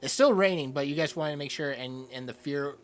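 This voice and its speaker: A man running an online tabletop game as game master, narrating scenes in a halting way with frequent restarts. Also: fairly high pitch.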